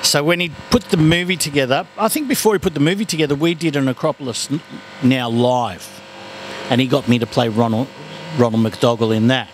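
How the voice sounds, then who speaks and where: A middle-aged man, chatting as a guest comedian and telling animated stories. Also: mid-range voice, brisk. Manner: animated storyteller, slips into comic voices. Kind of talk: casual interview chat. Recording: noisy background.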